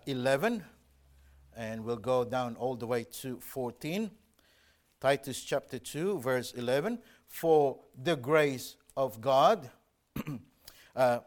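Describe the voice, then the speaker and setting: A man preaching a sermon, earnest and emphatic, reading scripture aloud and stressing his warnings. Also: mid-range voice. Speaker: pastor.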